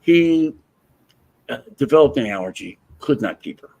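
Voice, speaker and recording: A man hosting a livestream, telling a personal story in a blunt, profane, animated way. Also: medium pitch, moderate pace, vocal fry. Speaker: livestream host. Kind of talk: casual storytelling chat.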